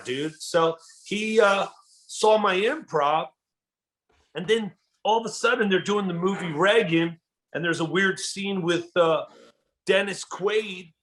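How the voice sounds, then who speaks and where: Male comedian guest, lively storyteller with a fairly high voice. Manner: animated, enthusiastic, says dude a lot. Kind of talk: casual storytelling chat.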